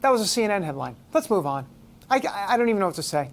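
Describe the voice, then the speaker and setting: A man's voice: sits high, sing-song, rapid-fire. A man hosting a talk show, giving sarcastic, incredulous commentary. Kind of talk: opinion commentary.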